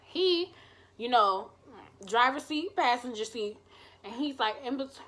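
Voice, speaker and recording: A woman vlogger telling a personal story in a casual, animated way, acting out the dialogue and swearing freely. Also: fairly high pitch, unhurried.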